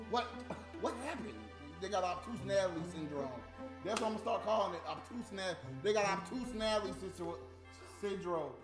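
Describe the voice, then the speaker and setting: A man's voice: brisk, echoey room, over music. A man talking casually and profanely to his viewers on a livestream, mocking and ranting. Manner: profane, mocking, mimics high squeaky voices.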